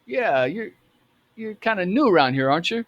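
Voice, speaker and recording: A man's voice: high-pitched, sing-song, normal speed, a bit bright, no echo, dull audio, pitched above the performer's own voice. Man putting on a sneering, taunting young tough. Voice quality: sarcastic, mocking drawl. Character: taunting young man sizing up a nervous teen.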